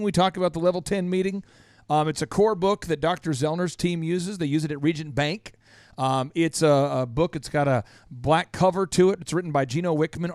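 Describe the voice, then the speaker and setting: A man's voice: fairly high pitch, no room sound, studio quality. A man hosting a business podcast, teasing his guest in playful, exuberant banter. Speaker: podcast host. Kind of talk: lively radio show banter.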